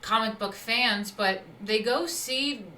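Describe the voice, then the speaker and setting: A woman from New York hosting a casual online interview, animated and quick to laugh. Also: on the high side. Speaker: host. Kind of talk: casual chat. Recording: echoey room, faint background hum.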